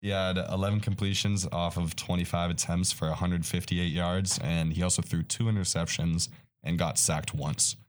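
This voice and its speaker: A young man co-hosting a casual sports chat, recapping games in a steady, play-by-play way. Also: sits low, normal speed. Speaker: co-host.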